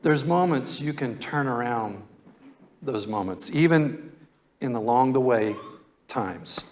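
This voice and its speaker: A man's voice: medium pitch, lively intonation, unhurried. A male pastor preaching a sermon in a conversational, folksy storytelling way.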